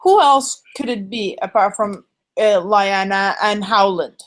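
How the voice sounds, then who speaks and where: A woman's voice: medium pitch, measured pace. A woman on a podcast panel, speaking in an emphatic, outspoken way. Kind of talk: casual podcast discussion.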